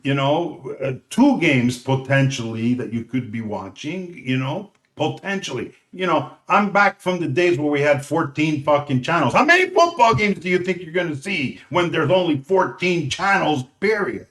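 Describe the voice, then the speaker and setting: A middle-aged man co-hosting a podcast in casual chat, blunt and loud, swearing constantly. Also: fairly high pitch, lively intonation, normal speed, hardly any pauses. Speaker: podcast co-host.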